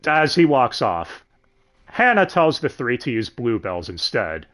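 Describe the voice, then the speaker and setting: A man hosting a casual, profane review of an anime dub, sardonic and quick to laugh. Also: medium pitch, sing-song, fairly bright tone. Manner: sardonic, swears freely, laughs often.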